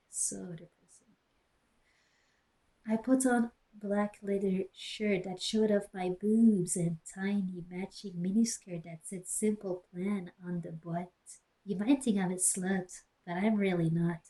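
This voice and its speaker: Speaking into a cheap gaming headset, a young female streamer gives a mocking dramatic reading, breaking off for sarcastic remarks and muttered jokes in a small enclosed room. She has a mid-range, dark voice with fairly even intonation and an unhurried pace. Audio quality is poor.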